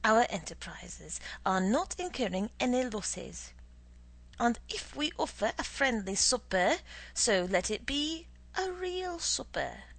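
A woman's voice: on the high side, very animated, slow pace, a bit bright, full character voice. A woman reading aloud and voicing a pompous, blustering male Soviet boss who lectures and scolds. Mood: lecturing. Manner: indignant, lecturing, theatrical.

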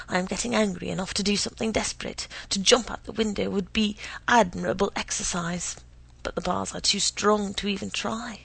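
Woman reader, gravelly, unsettled first-person storytelling with frequent whispers. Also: lowish voice, fairly bright tone, poor audio. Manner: often drops to an unvoiced whisper.

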